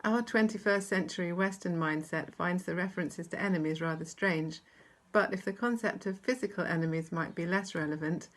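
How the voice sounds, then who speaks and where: A woman with a British accent gives a short devotional, her voice sitting a little low. She reads scripture and reflects on it in a measured, gentle way. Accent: British English. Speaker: church speaker.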